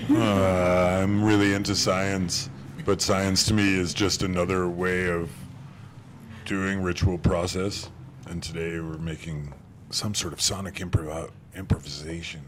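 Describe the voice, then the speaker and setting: A man talking casually on a radio panel, playful and joking, laughing often, over a live broadcast with background noise. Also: low-pitched. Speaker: panelist artist.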